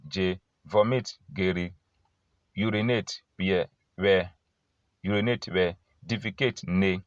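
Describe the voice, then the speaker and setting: A man with a very low voice reads vocabulary one word at a time, pausing after each English word before giving its translation. The sound is dry and close, with no room around it, and the recording is dull and lo-fi. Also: fairly bright tone, dry recording. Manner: slow, deliberate word-by-word reading, English word then translation. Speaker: language teacher. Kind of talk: reading a word list aloud.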